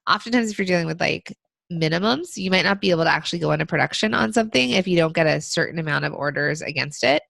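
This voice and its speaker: A woman co-hosting a business podcast, giving casual advice with lots of fillers, her voice still rough from being sick. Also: on the low side, animated, fast, fairly bright tone, dry recording. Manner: conversational, frequent fillers. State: recovering from illness. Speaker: podcast co-host.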